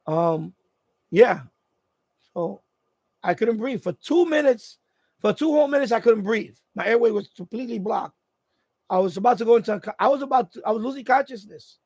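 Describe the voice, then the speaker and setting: High-pitched, gravelly man chatting on a stream. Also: normal speed, pauses often, a little mellow, no echo. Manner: rambling storytelling with many restarts. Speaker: radio hobby channel host. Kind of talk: casual live stream chat. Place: at home, indoors.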